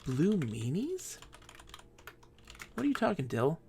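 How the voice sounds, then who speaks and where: A man's voice: on the high side, wildly swooping pitch, takes it slowly, creaky, warm tone, soft background music. A man streaming a game live, chatting with viewers and talking to himself as he plays. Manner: chatty, talks to viewers and himself while playing. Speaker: gaming streamer. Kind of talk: live-streamed gameplay chat.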